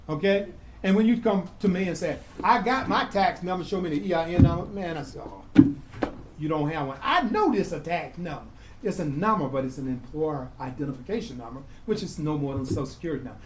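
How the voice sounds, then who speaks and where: Male instructor, fairly high voice, call-and-response lecturing style, faint room hiss. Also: poor audio. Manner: asks the class "what?" and answers himself, repeats key words. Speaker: grant-writing instructor. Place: community classroom.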